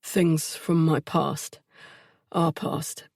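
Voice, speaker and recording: Brief: woman reads troubled young man, gravelly low voice, quiet confessional delivery. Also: flat delivery, no echo, clean studio sound, full character voice. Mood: remorseful. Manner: soft, halting, confessional. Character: troubled young adult man, weary and remorseful.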